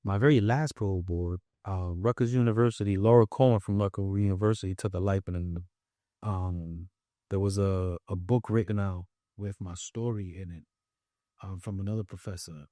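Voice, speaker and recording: Young New York man, interview guest, mellow voice, dry close sound, lively storyteller. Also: low voice, moderate pace, dry recording. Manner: animated, acts out quoted voices. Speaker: podcast guest. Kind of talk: casual storytelling.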